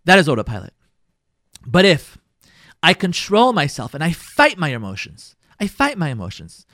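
A man's voice: on the high side, normal speed, dry recording, studio quality. A middle-aged man, a rabbi teaching a Torah class on marriage, acting out everyday scenarios and repeating phrases for emphasis. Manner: animated, acts out everyday scenarios.

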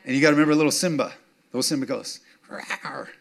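A pastor with a fairly high voice preaches at rapid-fire speed, building toward emphatic, punchy declarations. He works in call-and-response, repeatedly checking whether the congregation is with him.

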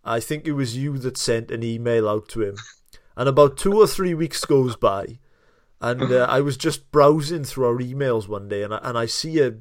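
A man from South Wales with a Welsh accent, co-hosting a podcast and telling anecdotes in a lively, casual way. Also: medium pitch, no room sound, studio quality. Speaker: podcast co-host. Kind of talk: casual chat.

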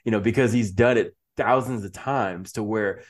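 Laughing, animated man talking shop. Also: on the low side, moderate pace. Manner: animated, laughs often, many restarts; acts out quoted speech. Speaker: podcast guest. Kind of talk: casual interview talk.

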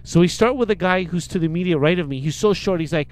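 A man in casual comedic chat, telling a story with animated energy and acting out the voices of the people in it. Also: fairly high pitch, very fast, few pauses, smooth. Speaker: storyteller co-host.

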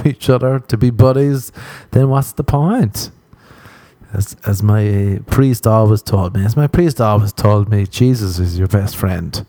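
A man's voice: lowish voice, dark tone, no echo. A man hosting a podcast, telling crude, rambling stories and acting out the quotes in a casual comic monologue. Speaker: podcast host.

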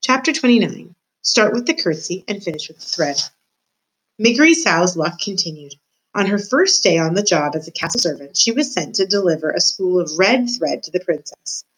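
A woman's voice: fairly low pitch, expressive, normal speed, husky, poor audio. A woman student reading a children's novel aloud, speaking to the reader directly.

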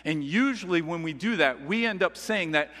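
A male pastor delivers a sermon in a conversational, earnest manner. His voice sits a little high and rings bright and forceful. It carries the long reverb of a large hall. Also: expressive, moderate pace.

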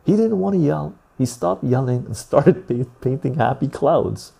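A man hosting a podcast, chatting casually and reading the live chat, calm and unhurried, swearing freely and laughing often. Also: medium pitch, vocal fry, slightly rough.

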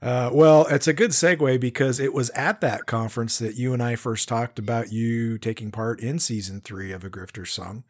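A man's voice: medium pitch, fairly even intonation, normal speed, hardly any pauses, slight background noise. A man hosting a casual interview, stumbling a little over his words as he steers toward the next topic. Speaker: podcast host.

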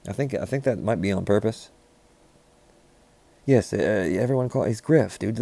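A man in rambling, deadpan comedic banter, riffing with frequent restarts. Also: on the low side, moderate pace, gravelly, long pauses.

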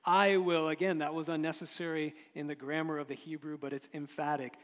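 A man's voice: a little high, flat delivery, fairly quick. Man preaching in a reverberant hall. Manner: storytelling, rises and drops in loudness, occasional chuckles. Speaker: pastor. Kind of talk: sermon.

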